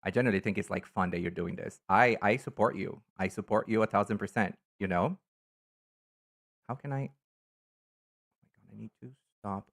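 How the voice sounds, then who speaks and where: A man chatting casually on a live stream, camp and animated, greeting viewers by name while he ranks things. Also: on the low side, moderate pace, creaky, pauses often. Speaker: live streamer reading chat. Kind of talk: casual live-stream chat ranking items.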